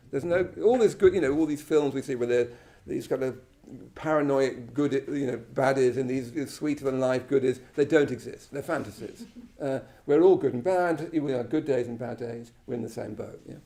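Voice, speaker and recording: An Englishman with a mellow, medium-pitched voice speaks at a normal speed with few pauses. He gives an informal Buddhist talk to a live class in the shrine room of a Buddhist centre. He's chatty and self-deprecating, often checking in with "you know" and "yeah?".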